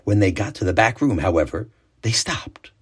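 A man narrating a children's story in an expressive, animated read-aloud way. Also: deep voice, quick pace, husky.

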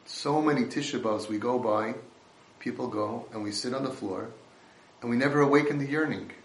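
A man's voice: medium pitch, normal speed, echoey room. A man giving an impassioned Torah lecture, mixing in Hebrew and Yiddish terms.

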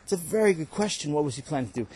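A man teaching as a rabbi, telling a story to his students with gentle, patient encouragement. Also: a little high, lively intonation, racing, breathy edge. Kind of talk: storytelling lesson.

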